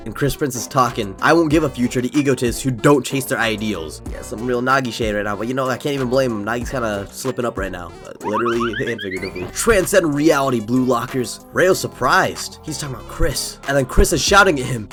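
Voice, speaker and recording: A man giving a casual, excitable chapter review, swearing and breaking into quick rants. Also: mid-range voice, faint music behind. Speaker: manga reviewer.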